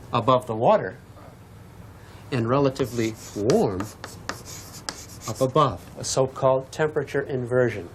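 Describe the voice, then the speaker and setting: Man, physics teacher, from Massachusetts, lively swooping voice, storytelling, faint background hiss. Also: mid-range voice. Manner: animated storyteller, acts out shouted dialogue; chatty, asks the class questions. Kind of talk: classroom lecture with demonstration.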